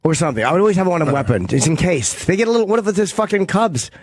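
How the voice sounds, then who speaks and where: A man's voice: high-pitched, lively intonation, very fast, darkish tone, dry recording, clean studio sound. A man hosting a talk radio show who asks skeptical questions in casual banter. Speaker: radio host.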